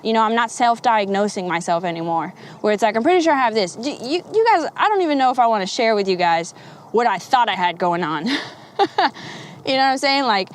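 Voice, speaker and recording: A woman's voice: medium pitch, animated, brisk, a little hiss or hum. Candid rambling woman vlogger. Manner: rambling, candid, swears freely, laughs often. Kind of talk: candid casual talk to camera.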